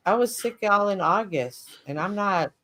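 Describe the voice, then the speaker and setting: Female panelist, mid pitch, blunt and insistent. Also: lively intonation, normal speed, a crowd in the background. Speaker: panel guest. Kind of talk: casual debate.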